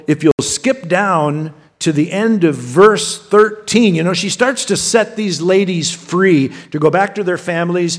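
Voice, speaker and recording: A man, a pastor, preaching a sermon in a conversational way, often repeating words and restarting as he talks straight to his congregation. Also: high-pitched. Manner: addresses the congregation directly.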